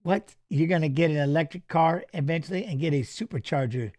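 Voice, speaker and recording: Brief: high-pitched male host, casual rambling watch-along chat, keeps saying "you know what I mean". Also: brisk, darkish tone. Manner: loose, rambling, chats with viewers, reads fighter stats aloud.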